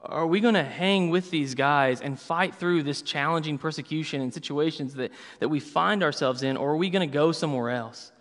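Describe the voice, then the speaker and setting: A man's voice: on the high side, normal speed, few pauses, a bit bright. A man, likely in his thirties, preaching a sermon with casual storytelling and frequent filler words. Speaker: pastor. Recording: long hall reverb.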